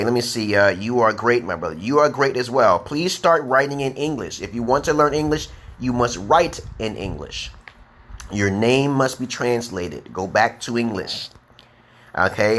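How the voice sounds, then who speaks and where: A man giving a casual livestream English lesson, speaking slowly and simply and reading chat comments aloud. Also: medium pitch, fairly bright tone. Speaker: English teacher.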